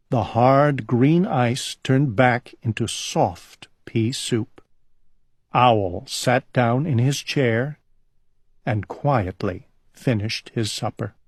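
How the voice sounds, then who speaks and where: A man reading a children's storybook aloud in a calm, gentle, unhurried way. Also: medium pitch, no echo, clean studio sound.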